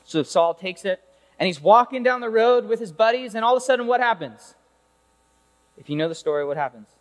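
A man preaching a lively, conversational sermon, telling a Bible story and throwing rhetorical questions at his listeners. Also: sits high, fairly quick, big-room sound.

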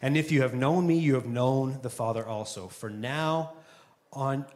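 A man voicing a calm, patient teacher, speaking slowly and solemnly. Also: mid-range voice, voice pushed down, lightly acted.

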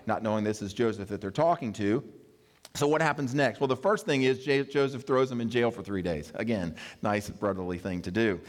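A pastor giving a sermon, reading scripture and adding conversational, joking asides. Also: male voice, medium pitch. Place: church sanctuary. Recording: echoey hall reverb.

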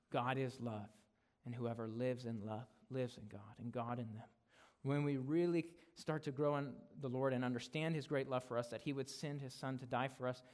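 A man preaching a sermon in a casual, conversational way, shifting into loud, emphatic declarations when he reads scripture. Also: medium pitch. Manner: casual, conversational preaching with frequent "right?" and "guys". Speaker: guest preacher.

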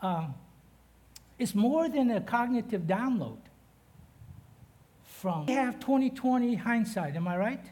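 A man's voice: very high voice, lively intonation, a little slow, long pauses, darkish tone. A man preaching a sermon as a guest pastor, breaking into chatty, jokey asides to the congregation and building in force when he reads from the text.

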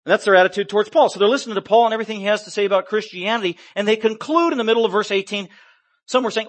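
A man's voice: sits high, rapid-fire, dry recording. A male preacher giving an emphatic, impassioned expository sermon and stressing his points heavily.

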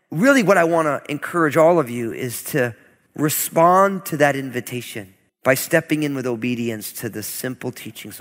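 Male pastor, 30s, raised pitch, conversational storyteller, long hall reverb. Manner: conversational, animated storytelling with asides. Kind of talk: sermon.

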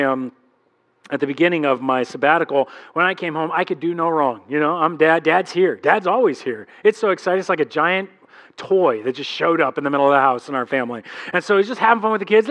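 Male pastor, thirties, high voice, conversational sermon, acts out quotes. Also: a bit bright, highs cut off.

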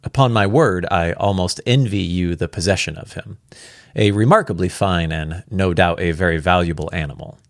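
Man reading as French gentleman detective, shrewd, composed, courteous, storybook reading, deep voice, dry close sound. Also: moderate pace, no room sound.

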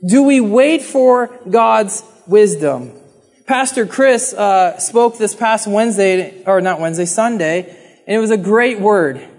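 Male preacher with a very high voice, earnest and chatty with the congregation, church hall reverb. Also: a little slow, a little mellow. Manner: earnest, conversational, acts out pleading prayers. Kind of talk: sermon.

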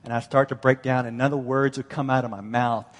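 A middle-aged man preaching a sermon as pastor, animated and storytelling, acting out the voices he quotes. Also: medium pitch, quick pace. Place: large church hall. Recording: long church-hall reverb.

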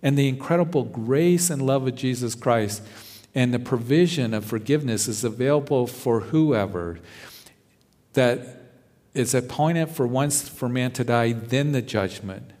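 A man's voice: medium pitch, unhurried, a little mellow, big-room sound. A male pastor preaching verse by verse, earnest and repeating words when he presses a point. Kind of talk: verse-by-verse sermon.

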